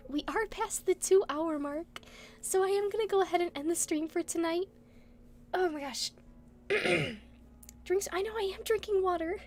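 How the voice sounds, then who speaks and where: Very high-voiced giggly woman streamer. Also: a little mellow. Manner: giggly, laughs often. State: hiccuping. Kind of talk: casual chat.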